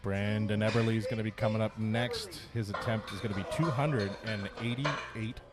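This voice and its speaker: Excited male strength-event commentator. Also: on the low side, moderate pace. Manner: excited, cheering lifters on. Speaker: play-by-play commentator. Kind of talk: live sports commentary. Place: strength competition gym. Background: music playing.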